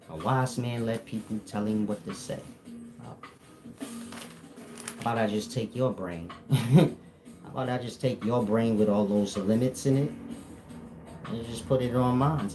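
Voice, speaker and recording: Blunt profane man in AAVE. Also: on the low side. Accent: African American Vernacular English. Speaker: spiritual teacher.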